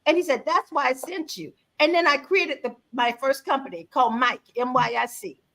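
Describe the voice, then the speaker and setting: A woman in her sixties telling a personal story in a conversational talk, acting out quoted dialogue with lively, expressive delivery. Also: high voice, moderate pace. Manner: animated, acts out quoted dialogue with her own voice. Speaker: guest speaker on faith and mother-daughter bonding.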